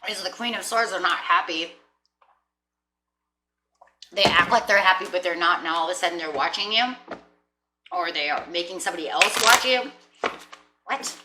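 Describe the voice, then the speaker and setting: A woman giving a casual tarot reading, chatty, often clearing her throat and checking in with "right?" and "you know?". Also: on the low side, moderate pace, pauses often, sharp tone, a little hiss or hum. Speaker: tarot reader. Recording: roomy echo.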